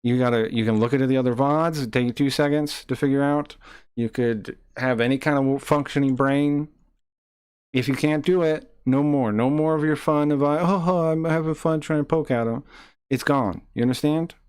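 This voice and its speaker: A man's voice: medium pitch, fairly even intonation, moderate pace, darkish tone, clear, resonant tone, no echo, studio quality. A man live-streaming who reads chat messages aloud and taunts a viewer in a combative way.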